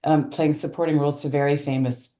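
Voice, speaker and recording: A woman guest telling stories in a casual interview, animated, with many restarts. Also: low voice, a little fast, reverberant. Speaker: guest actor.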